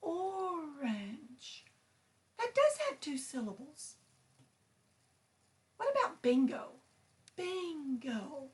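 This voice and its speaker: A woman voicing an excitable puppet bird. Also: high-pitched, a little slow, pauses often, exaggerated voice. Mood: playful. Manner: eager, exclamatory, interrupting.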